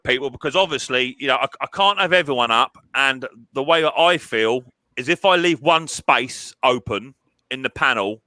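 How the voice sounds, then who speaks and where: A man's voice: a little high, bright, forceful tone, no room sound, rough recording. A middle-aged man hosting a casual live stream chat, chatty and often stumbling over repeated words.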